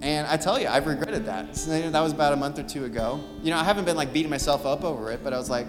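A man's voice: a little high, quick pace, hardly any pauses. Earnest young man preaching in a hall. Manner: earnest, conversational storytelling with fillers. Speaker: youth speaker. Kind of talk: sermon. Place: church hall. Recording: long hall reverb, music behind. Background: soft guitar.

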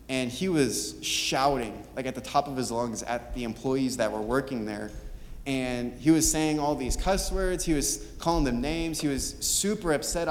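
A young man giving a sermon, talking earnestly and casually, with fillers, as he tells a story. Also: mid-range voice. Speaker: youth speaker. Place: church hall. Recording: long hall reverb, music behind. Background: soft guitar.

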